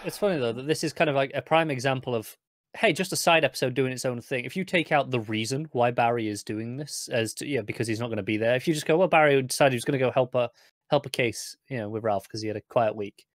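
A man's voice: medium pitch, fast, dry recording, clean studio sound. A man co-hosting a podcast, chatting casually about TV with wry, joking asides. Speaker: podcast co-host. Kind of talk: casual TV review chat.

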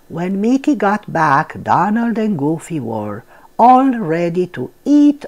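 An older woman hosting a storytime channel, reading a picture book aloud to children in a gentle, expressive way. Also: fairly low pitch, takes it slowly, lo-fi sound.

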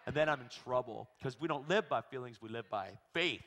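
A man from Pennsylvania preaching as a guest speaker, telling stories in an animated way that swings between loud bursts and hushed asides. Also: medium pitch, fairly quick, a little hiss or hum. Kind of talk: storytelling sermon. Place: church sanctuary. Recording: long church reverb.

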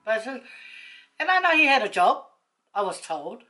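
A woman, a vlogger telling a rambling personal story to camera, chatty and quick to laugh. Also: a little high, very animated, pushed and bright, low-quality recording.

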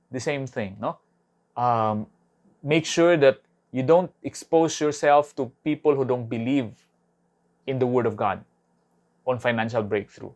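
A man's voice: mid-range voice, a little mellow. Preaching man. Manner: conversational preaching, tag questions "no?". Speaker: pastor. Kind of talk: online sermon. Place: home or church online service.

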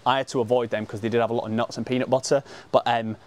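A young man talks to camera about his travels, in a breezy, slangy, upbeat way. His voice sits at a middle pitch, and he is outdoors on location by the sea. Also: flat delivery, rapid-fire, darkish tone. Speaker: travel vlogger. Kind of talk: casual travel vlog. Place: outdoors by a beach.

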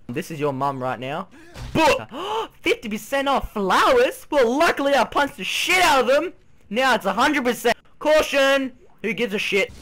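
A young man hosting his gaming channel, swearing, yelping and shouting through excitable gameplay commentary. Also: extremely high pitch, moderate pace. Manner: swears a lot, yelps and shouts.

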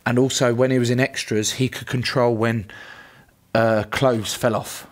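A man's voice: medium pitch, flat delivery, moderate pace. Sweary, blunt man bantering. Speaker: rugby player guest. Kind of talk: casual podcast banter.

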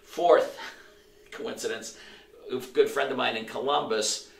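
A middle-aged male pastor preaching a sermon, telling stories in an animated way, acting out the quotes and often restarting his phrases. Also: mid-range voice, slow pace, gravelly. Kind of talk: sermon storytelling. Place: church sanctuary. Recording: roomy echo, voice from a distance.

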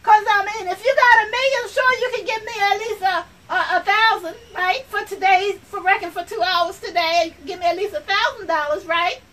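A comedy sketch performer plays an office worker in a comic monologue, sassy and repetitive as she addresses the audience directly. Her voice is extremely high and sharp, at normal speed with hardly any pauses, captured far from the mic with faint ambience.

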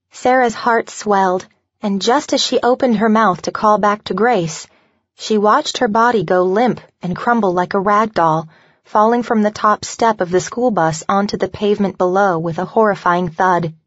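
A woman narrating a novel aloud in an even, measured storytelling voice. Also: mid-range voice, no echo, lo-fi sound. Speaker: audiobook narrator.

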